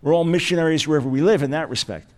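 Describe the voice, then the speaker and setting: A man's voice: on the high side, very fast, darkish tone. A man as guest preacher delivering a sermon, emphatic and repeating key words for weight.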